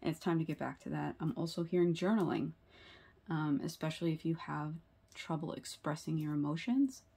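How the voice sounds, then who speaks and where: Woman tarot reader, earnest and sympathetic; low, gravelly voice. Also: fairly quick, dark tone. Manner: earnest and sympathetic, many fillers and rhetorical "right?". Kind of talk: tarot reading video.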